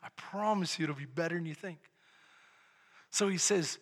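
A middle-aged man preaching a sermon as pastor, building from quiet storytelling to loud shouted preaching. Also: on the high side, normal speed. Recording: long hall reverb.

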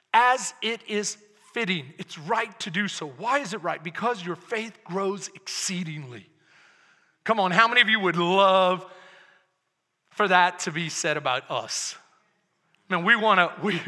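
High, bright-voiced preaching pastor. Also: male voice. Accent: Texan. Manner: animated preaching, swings between hushed and loud; rhetorical calls to the congregation. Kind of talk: sermon. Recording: echoey hall reverb.

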